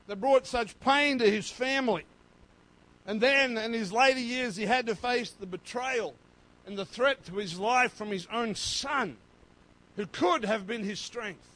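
A man preaching a sermon as pastor, swinging between loud, fervent passages and quiet, low stretches. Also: low-quality recording.

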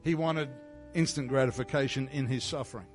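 A man giving a sermon as pastor in a church, moving from quiet reflective teaching into loud, fervent prayer. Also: mid-range voice, steady tone, a little fast. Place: church sanctuary. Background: soft instrumental music.

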